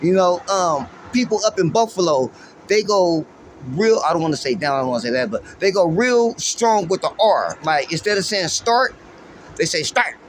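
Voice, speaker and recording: High-voiced laid-back man from Los Angeles. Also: expressive, moderate pace, a little hiss or hum. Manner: laid-back, rambling, profane, full of fillers. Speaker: podcast host. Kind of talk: casual street-slang musing.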